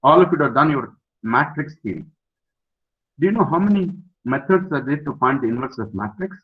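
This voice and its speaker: A man's voice: mid-range voice, lively intonation, brisk. An older man, a professor giving a webinar lecture to students, emphatic, repeating key words and putting questions to his audience. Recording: dull lo-fi webinar audio.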